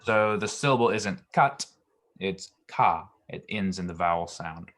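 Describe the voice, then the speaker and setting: A man's voice: low-pitched, moderate pace, a bit bright. A man teaching a Hebrew grammar lesson, explaining patiently with frequent ums and restarts.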